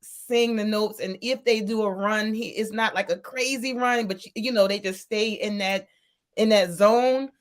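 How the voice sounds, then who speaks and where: A woman co-hosting a radio show, talking loosely and playfully with a pitch that sits mid-range for her sex. She laughs easily and gushes about music in a relaxed, conversational way. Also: moderate pace. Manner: chatty and playful, laughs often. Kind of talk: casual radio chat.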